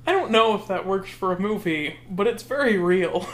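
Joking podcast co-host, mid-pitched. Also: animated, normal speed. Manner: joking, laughs mid-sentence. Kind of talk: casual brainstorming chat.

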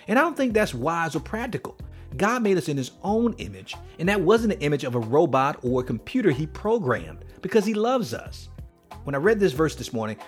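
A man's voice: on the high side, breathy edge. A man hosting a devotional podcast, talking in an earnest, preacherly way with light chuckles. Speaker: podcast host.

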